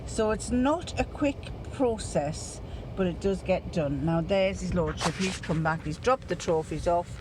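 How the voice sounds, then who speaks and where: A woman's voice: lowish voice, a little slow, noisy background. An older woman chatting casually in a giggly, storytelling way as she vlogs from a car. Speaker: vlogger. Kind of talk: casual vlog chat.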